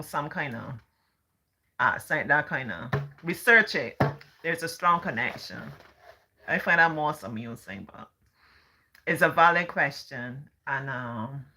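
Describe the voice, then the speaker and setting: Barbadian woman, middle-aged, chatty livestream host, low voice, answers comments. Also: bright, forceful tone. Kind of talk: casual livestream chat.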